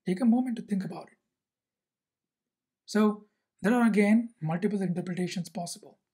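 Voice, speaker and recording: A teacher tells a Zen koan and then unpacks it in a measured way, pausing to ask rhetorical questions. The voice is husky and breathy, with a middling pitch. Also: warm tone. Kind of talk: storytelling and explaining a koan.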